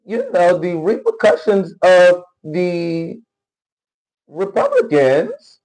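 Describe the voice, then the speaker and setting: A male livestream host talks loosely and at length, circling back on his points with constant filler phrases. His voice sits a little high for a man. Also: sing-song, slow, pauses often, darkish tone, poor audio. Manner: rambling, repetitive, keeps asking "you know what I'm saying". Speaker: livestream commentator. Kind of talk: casual political commentary reacting to clips and chat.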